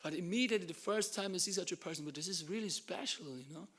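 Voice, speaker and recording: A man from Germany, giving an animated devotional class talk and dropping to hushed asides. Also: sits high, fast, breathy edge. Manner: animated storytelling, acts out dialogue, drops to hushed asides. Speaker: temple lecturer.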